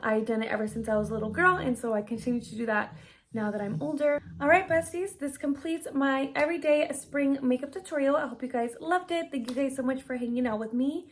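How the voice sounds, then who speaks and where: A woman's voice: high-pitched, brisk. A young woman chatting her way through a makeup tutorial and Q&A, bubbly and chatty, sometimes whispering asides. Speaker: beauty vlogger. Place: home room lit by ring lights.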